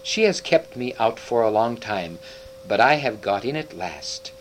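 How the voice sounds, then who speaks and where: A man's voice: medium pitch, expressive, a little slow, slight background noise, pitched below the performer's own voice, lightly acted, rough recording. A man voicing a huge, glad and solemn old Father Christmas in a storybook reading, speaking in grave, kindly pronouncements.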